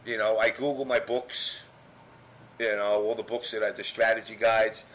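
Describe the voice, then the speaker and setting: A man's voice: lowish voice, level tone, moderate pace, a bit bright, rough recording. A middle-aged man from New York telling a rambling, profane story in casual chat, full of fillers. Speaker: podcast guest, former strategy guide writer.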